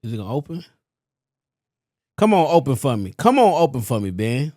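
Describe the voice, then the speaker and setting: Loud Baltimore podcast host. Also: male voice, mid-range voice, big pitch swings, brisk, no echo, clean studio sound. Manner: loud, hype shout-outs. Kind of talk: casual podcast hosting.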